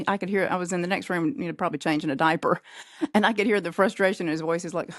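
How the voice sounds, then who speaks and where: A middle-aged woman with a low voice tells a family story at a relaxed pace. She slips into the voices of the people she quotes and laughs often. The recording is dry and close. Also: a little fast, no echo. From North Carolina, USA. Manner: lively storyteller who acts out quoted voices, with frequent laughs. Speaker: podcast guest. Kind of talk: casual storytelling.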